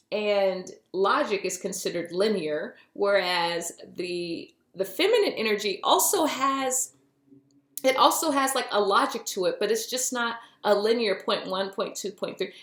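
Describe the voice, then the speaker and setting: A woman talks through her spiritual podcast in a loose, playful style, calling the listener honey and boo. Her voice sits at a middle pitch. The recording is roomy, with a clear echo around her. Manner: chatty and playful, with pet names like honey and boo. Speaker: podcast host. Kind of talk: casual spiritual podcast monologue.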